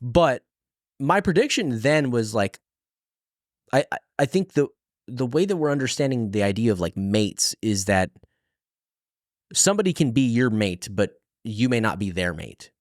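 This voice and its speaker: A man co-hosting a podcast in a casual book discussion chat, laid-back and quick to laugh. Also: mid-range voice, lively intonation, no echo, clean studio sound. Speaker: podcast co-host.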